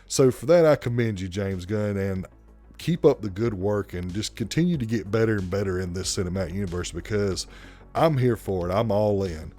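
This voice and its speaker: A man's voice: lowish voice, moderate pace, warm tone, soft background music. Blunt Southern man ranting about movies. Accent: thick South Carolina Southern. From South Carolina, US. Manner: blunt, profane, opinionated. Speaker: movie reviewer. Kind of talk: casual movie review rant.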